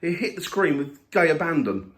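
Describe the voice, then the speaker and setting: A man's voice: fairly high pitch, big pitch swings, moderate pace. A man, joking and teasing his family in a casual home vlog. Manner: teasing, playful banter. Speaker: family vlogger.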